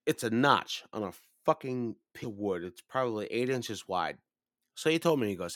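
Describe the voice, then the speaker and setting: A man around thirty telling a long, profane story in casual chat, rambling and then rising loud and high when he rants. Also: expressive, normal speed, no room sound, studio quality. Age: 30s.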